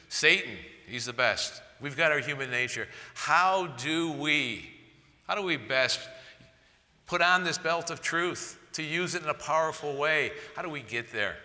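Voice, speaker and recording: A man's voice: fairly high pitch, moderate pace, sharp tone. Man, church seminar speaker, conversational teaching, rhetorical questions, reverberant hall. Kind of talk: sermon-style teaching talk.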